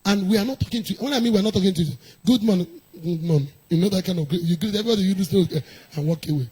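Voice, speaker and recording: A middle-aged woman, a pastor's wife telling a personal story in a sermon, animated and laughing often. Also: mid-range voice, rapid-fire, slightly rough, rough recording.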